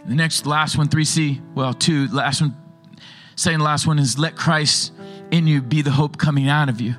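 Man, pastor, animated sermon, slightly high pitch, faint music underneath. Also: moderate pace. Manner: animated storytelling preacher.

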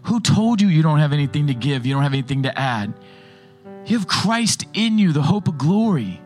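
An animated male pastor delivering a sermon with storytelling energy. His voice sits a little higher than most men's. Soft music plays faintly underneath him. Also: a little fast.

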